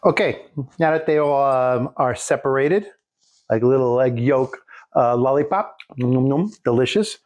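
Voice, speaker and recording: A man's voice: mid-range voice, moderate pace, a little mellow. A man casually showing a recipe in his home kitchen, rambling with folksy jokes and asides. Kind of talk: casual cooking demonstration.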